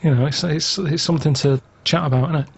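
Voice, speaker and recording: A man talking casually and matter-of-factly about his daily routine in a plain, flat way. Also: a little high, fast, muffled recording, a little hiss or hum. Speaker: regular guest recounting his day. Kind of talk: casual chat.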